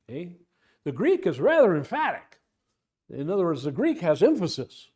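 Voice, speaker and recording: A man leads a church Bible study in a loose, conversational way. His slightly high voice swings up and down a lot as he fires off rhetorical questions and acts out little quotes. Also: very animated, normal speed, a little mellow, slightly rough. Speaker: Bible teacher. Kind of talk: informal Bible class teaching. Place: church classroom.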